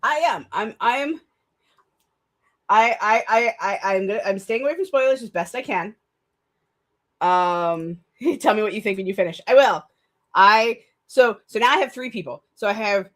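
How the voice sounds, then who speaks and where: A young woman chatting casually on her live stream, excitable and rambling, with frequent restarts and laughter. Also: mid-range voice, normal speed. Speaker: streamer hosting a write-with-me stream.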